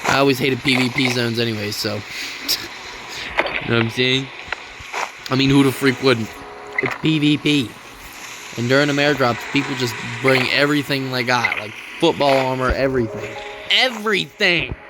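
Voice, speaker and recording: A man's voice: mid-range voice, fairly even intonation, normal speed, pauses often. Young man rambling over a game. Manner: rambling, jokey, self-mocking. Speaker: gaming channel host. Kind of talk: casual gameplay commentary. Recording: loud background noise.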